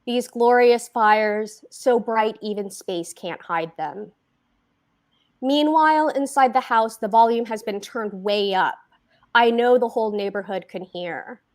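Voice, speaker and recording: At a book event, a woman author with a slightly high voice reads her own fiction aloud. She goes slowly and deliberately, using dramatic pauses.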